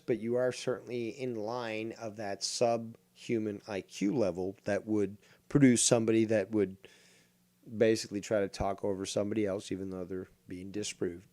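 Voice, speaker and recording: A man's voice: lowish voice, dark tone. A man in his forties giving profane, mocking live-stream commentary, exasperated and sarcastic. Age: 40s. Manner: mocking, exasperated, swears a lot. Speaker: streamer reacting to a call-in clip.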